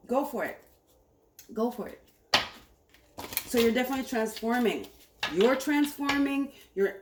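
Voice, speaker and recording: Upbeat woman reading tarot in echoey room. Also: on the high side. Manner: upbeat, enthusiastic, repeats herself. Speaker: tarot reader. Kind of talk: casual tarot reading to camera. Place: home room, cooking on stove nearby. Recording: echoey room with faint noise.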